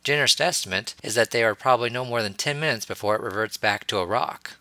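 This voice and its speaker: A man's voice: medium pitch, quick pace, pushed and bright, dry recording. A man doing a teasing young wizard. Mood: teaching. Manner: teasing, amused. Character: playful, teasing young male wizard teacher.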